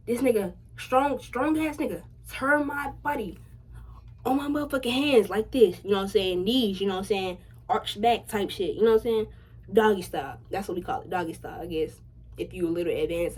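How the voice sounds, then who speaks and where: A young adult woman telling a personal story to her viewers in a casual vlog, slangy and full of swearing, getting louder and higher when excited. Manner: chatty, slangy and profane, addressing viewers directly; animated, rising loud and high when excited. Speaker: vlogger.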